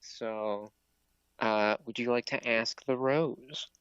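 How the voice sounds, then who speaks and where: Slow, halting male game master. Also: mid-range voice, fairly even intonation, a bit bright, clear, resonant tone, no echo, muffled recording. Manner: slow, halting narration with fillers. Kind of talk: narrating a tabletop game.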